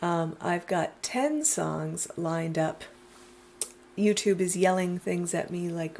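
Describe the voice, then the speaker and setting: A woman's voice: fairly low pitch, slow pace, gravelly, a little mellow, slight background noise. Chatty woman hosting a music stream. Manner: chatty and rambling, frequent ums and asides. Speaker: singer-songwriter hosting a weekly live stream. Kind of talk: casual live-stream chat. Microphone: computer webcam setup.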